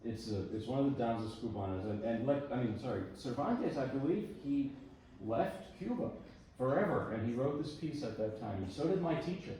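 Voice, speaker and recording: A man introducing pieces at a recital, talking in a relaxed, rambling and self-deprecating way. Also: medium pitch, normal speed, slight background noise. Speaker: pianist giving a recital talk. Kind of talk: casual spoken introduction between pieces. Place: recital hall. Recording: echoey hall, voice heard from far off.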